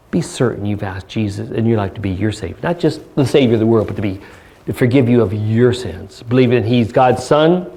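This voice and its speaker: A male pastor preaching in a church service at an ordinary middle pitch. He speaks earnestly and unhurriedly, pausing often and reading scripture aloud. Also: vocal fry, a little mellow. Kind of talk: sermon.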